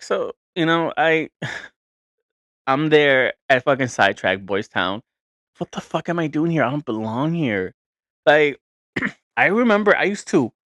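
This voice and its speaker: A man's voice: mid-range voice, a bit bright, dry recording. A man in his thirties hosting a podcast, telling a story in a casual, profane, rambling and exasperated way. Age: 30s. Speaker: podcast host.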